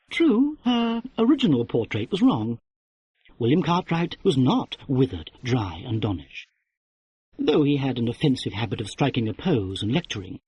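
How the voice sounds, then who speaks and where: A man narrates a classic mystery novel in a wry, expressive audiobook style. His voice is husky and set a little high, with a lively, wide-ranging melody. The recording is close and dry. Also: dry recording.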